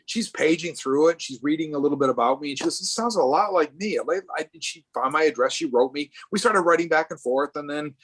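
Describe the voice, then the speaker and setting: A man's voice: fairly high pitch, fast, hardly any pauses, fairly bright tone. A middle-aged man from Rhode Island, speaking as a guest artist at a live artist event over a video call, rambling with many restarts and fillers.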